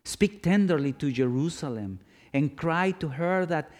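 A man preaching a sermon, dramatic, swinging from loud questions to hushed, low-spoken lines. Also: animated, measured pace.

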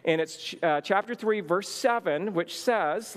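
Male minister with a high voice, a casual storyteller in a church hall with long reverb. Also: a little slow, few pauses. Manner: lively storyteller, many "like" fillers. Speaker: church minister teaching a marriage session. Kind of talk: storytelling sermon.

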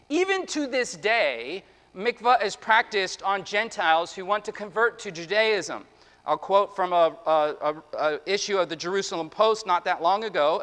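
A male pastor preaching a sermon, animated, slipping into the voices of his listeners and of the prophet. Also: sits high, in a large hall.

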